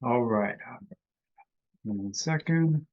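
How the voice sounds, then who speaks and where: An easygoing man hosts a live-stream lesson over a video call. His voice sits at a medium pitch and he greets people by name. The call audio sounds slightly dull and lo-fi. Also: animated, very slow. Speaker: host and company CEO. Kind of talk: casual live-stream teaching.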